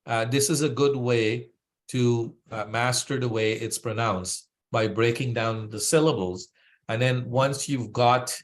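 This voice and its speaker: A man leads a devotional class through the pronunciation of Sanskrit verses. He talks patiently, slowing down to spell words out syllable by syllable and often checking in with his listeners. His pitch sits in an ordinary middle range. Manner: patient, breaks words into syllables, frequent "right?". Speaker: Sanskrit teacher.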